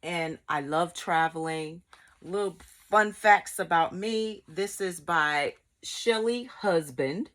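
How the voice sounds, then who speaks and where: A woman hosting a casual crochet vlog, gushing with excitement as she opens her mail and reads it aloud. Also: lowish voice, slow. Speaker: crochet channel host.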